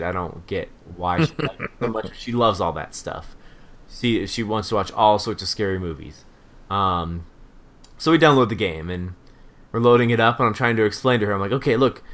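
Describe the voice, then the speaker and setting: Animated swearing man telling a story. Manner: animated storytelling, heavy swearing, mimics a scared child in a high squeal. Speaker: podcast co-host. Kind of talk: casual parenting podcast chat.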